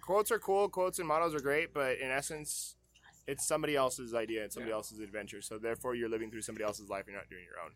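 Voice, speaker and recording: Bright-voiced joking man. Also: medium pitch, fast talker. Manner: laughs often, rambling and joking. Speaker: bartender guest. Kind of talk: casual chat.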